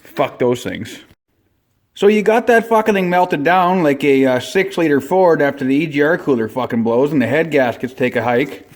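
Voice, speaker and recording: A Canadian comedy vlog host stands in a shop or garage giving a crude, mock-serious how-to packed with swearing. His voice is fairly high and his pace normal, keeping a deadpan, profane monologue going.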